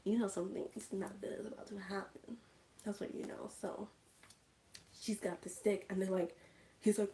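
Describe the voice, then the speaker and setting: A woman's voice: mid-range voice, flat delivery, moderate pace, mellow. A woman casually recapping a movie on a livestream, chatty and full of "like" fillers. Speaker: streamer.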